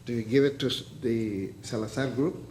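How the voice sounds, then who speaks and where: A man with a mellow, dark voice argues his case at a board meeting. He speaks insistently, with halting restarts. The room is echoey and a faint ambient hum runs underneath. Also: mid-range voice. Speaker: public commenter at a board meeting. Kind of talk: public comment at a board meeting.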